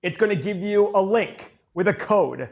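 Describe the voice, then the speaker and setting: A man co-hosting a live stream, explaining a software release step by step in an upbeat way. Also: high voice, expressive, normal speed, creaky. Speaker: co-host announcing a software release.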